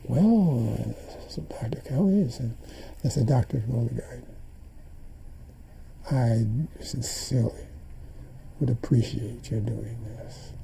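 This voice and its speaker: A man's voice: mid-range voice, slow pace, gravelly, dark tone, slight background noise, rough recording. An older man in an interview, animatedly retelling events and acting out the dialogue he quotes. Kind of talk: storytelling in an interview.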